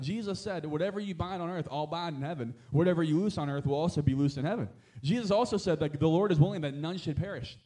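A young man preaching a sermon as a pastor, conversational and animated, with quick asides and frequent laughs. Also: a little high.

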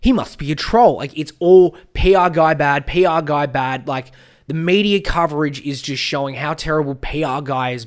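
Brief: male podcast host, slightly higher voice, angry profane rant. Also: clean tone. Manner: heated, profane, rambling with restarts. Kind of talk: casual political rant.

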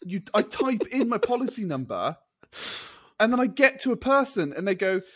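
A man co-hosting a podcast in casual chat, telling stories excitably and laughing often. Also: sits high, moderate pace, breathy edge, no room sound, clean studio sound. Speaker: podcast co-host.

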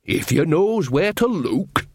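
A man's voice: fairly high pitch, sing-song, slow pace, dry recording, clean studio sound, voice pushed up, full character voice. A man voicing a blunt, bawdy old village witch woman in a storybook reading, with cheeky rustic speech.

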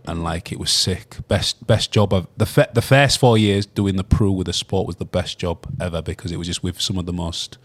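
A man speaks in a deep voice, recorded dry and close. He rambles earnestly, dropping "like" and "man" as he goes. He is a guest on a casual podcast. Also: fairly even intonation, brisk, few pauses, no room sound. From Hull, England. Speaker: guest, rapper and former teacher. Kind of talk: casual interview chat.

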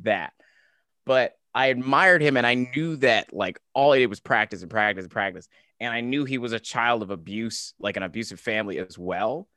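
Midwestern man in his 30s, podcast guest, animated and laughing, slight Southern twang, dry close mic. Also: medium pitch, moderate pace, no room sound. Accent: flat Midwestern American, occasional Southern twang. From Kansas, US. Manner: animated storyteller, laughs often, many restarts. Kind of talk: casual podcast conversation.

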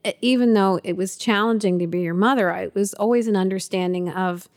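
A mother telling an old family story in a relaxed conversation, circling back with fillers and restarts as she goes. She has a middle-pitched voice, neither high nor low for a woman. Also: fairly quick. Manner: rambling, many fillers and restarts. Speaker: guest, the host's mother.

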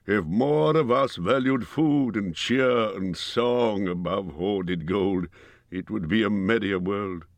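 A man voicing a grave, noble dwarf king on his deathbed, speaking slowly and solemnly. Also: lowish voice, dry recording. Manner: slow, solemn, fading.

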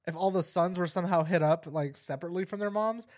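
Brash young guy, slightly high voice. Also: fast talker. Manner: brash, profane, jokey, says "dude" a lot. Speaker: podcast co-host. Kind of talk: casual crude podcast chat.

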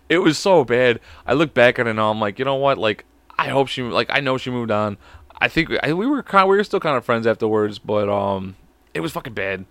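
A young man with a Chicago accent rambles through a story on his podcast, cursing freely and breaking into laughs. His voice sits in a middle pitch, recorded close and dry with no room sound. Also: lively intonation, brisk, a bit bright, no echo. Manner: profane, rambling, laughing often. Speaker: podcast co-host. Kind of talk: casual storytelling.

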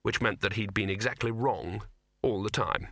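A man reads a comic fantasy novel aloud with wry, expressive timing. His voice is bright and forward, and the studio sound is completely dry, with no room around it. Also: on the low side, moderate pace, dry recording. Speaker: audiobook narrator. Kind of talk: scripted narration.

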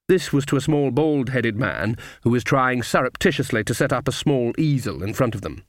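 Brief: male audiobook narrator, wry and measured, dry studio sound. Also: medium pitch, lively intonation, dry recording. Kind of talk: scripted narration.

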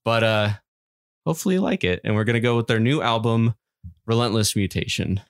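A man's voice: lowish voice, brisk, smooth. A man co-hosting a podcast in a casual chat, rambling and swearing a lot as he tells stories and often laughs. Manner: profane, rambling storyteller who laughs often. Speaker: podcast co-host.

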